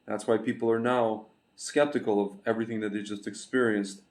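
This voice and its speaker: A man's voice: fairly low pitch, flat delivery, fairly quick, darkish tone. A man giving a rambling, emphatic monologue to camera from a small room, repeating himself and calling his listeners "my friends" and "guys". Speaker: online commentator. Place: small room, recently moved in.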